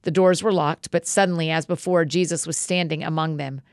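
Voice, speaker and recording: A woman host reading scripture aloud in a steady, measured way. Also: low-pitched, no room sound, clean studio sound.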